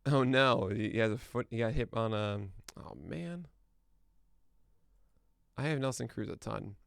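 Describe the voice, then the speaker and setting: Before a show, a man hosts a podcast livestream, chatting casually and thinking out loud with mumbled asides as he checks his notes. His mid-range, slightly bright voice is a little slow with vocal fry, captured in a dry, clean studio sound.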